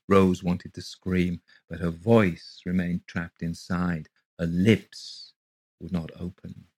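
A man narrating a ghost story for a podcast in a steady, measured way. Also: low voice, breathy edge, low-quality recording. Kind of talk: scripted ghost story reading.

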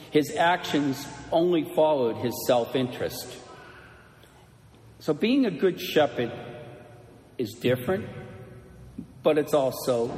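A man preaching as a priest, telling a story in a slow, measured way before turning it into a lesson for his congregation. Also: mid-range voice, a little mellow. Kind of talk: sermon. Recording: echoey church with long reverb.

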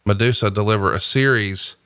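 A man's voice: fairly low pitch, fairly quick, no echo, studio quality. A man hosting a podcast, chatting casually and wryly about old wrestling footage and laughing easily. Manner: relaxed, wry, laughs easily. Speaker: podcast host.

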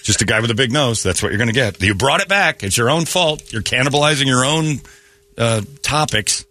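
A man's voice: mid-range voice, animated, pushed and bright. Ranting sarcastic man on morning radio. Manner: ranting, sarcastic, quick mock quotes. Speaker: radio show host. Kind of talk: opinionated morning radio banter.

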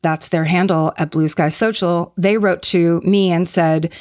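A woman with a Californian accent, co-hosting a podcast in casual, rambling chat, with some vocal fry. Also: lowish voice, steady tone, a little slow, darkish tone. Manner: chatty, rambling, reads listener notes aloud. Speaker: podcast co-host.

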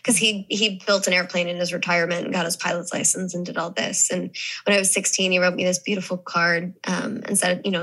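A woman's voice: lowish voice, flat delivery, a little fast, fairly bright tone, poor audio. A young adult woman from the American South, chatting thoughtfully as an actress interviewee, with many restarts and fillers. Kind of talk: casual interview chat.

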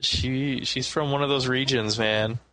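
A man chatting casually and joking, often acting out scenes in quick voices. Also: mid-range voice, fairly even intonation, background noise. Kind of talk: casual chat.

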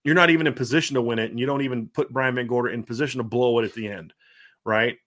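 Fast-talking Southern American man podcasting. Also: mid-range voice. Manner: fast, animated, frequent fillers and restarts. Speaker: podcast host. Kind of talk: casual sports podcast chat.

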